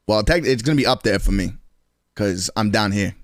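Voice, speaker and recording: A man's voice: on the low side, brisk, dry recording, studio quality. Profane New York guy in his twenties. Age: 20s. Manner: loose, profane, rambling with frequent laughs. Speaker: streamer. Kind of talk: casual chat with stream chat.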